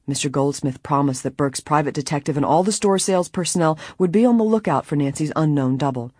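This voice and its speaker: An audiobook narrator reading a mystery novel at a steady, even pace. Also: medium pitch, fast talker, hardly any pauses, slightly rough, dry recording, clean studio sound.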